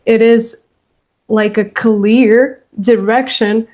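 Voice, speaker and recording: A woman hosting a podcast interview speaks slowly and carefully, with a slightly high voice. She thanks her guest effusively and sounds openly appreciative. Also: fairly even intonation, a little mellow. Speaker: podcast host. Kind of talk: interview conversation.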